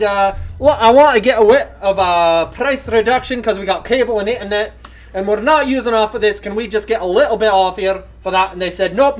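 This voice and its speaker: A man's voice: high-pitched, fairly bright tone, slight background noise. A man co-hosting a casual gaming news show, talking in a playful, rambling way and stumbling over his words. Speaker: podcast co-host.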